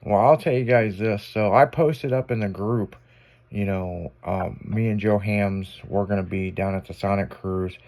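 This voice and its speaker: A man's voice: on the low side, a little slow, darkish tone. A man hosting a casual afternoon radio show, telling a story with lots of swearing and acted-out quotes.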